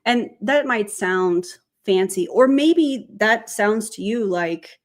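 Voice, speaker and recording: A woman's voice: mid-range voice, lively intonation, slow pace. A woman hosting a casual commentary vlog, chatty, tossing in sarcastic asides and correcting herself as she goes. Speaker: commentary channel host.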